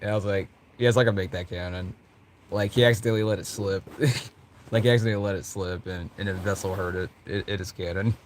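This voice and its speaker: Giggly, rambling man with a low voice. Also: level tone, fast, slight background noise. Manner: giggly, rambling, lots of restarts. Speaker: content creator. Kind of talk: rambling fan talk about characters.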